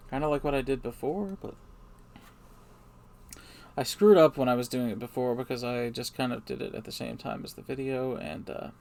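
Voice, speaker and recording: A man's voice: mid-range voice, moderate pace, vocal fry, darkish tone. A man streaming live, rambling in a hesitant, mumbling, self-deprecating way.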